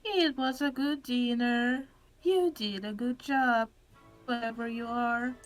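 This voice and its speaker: A brooding, self-pitying troll girl who talks in a flat, mechanical drone, as a woman reads her lines aloud in a game playthrough, each word dragged out very slowly. Her voice sits a little high for a woman, and quiet music plays under it. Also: low-quality recording. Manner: slow flat robotic delivery. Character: gloomy sinister female troll influencer, self-pitying. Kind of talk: reading game dialogue aloud.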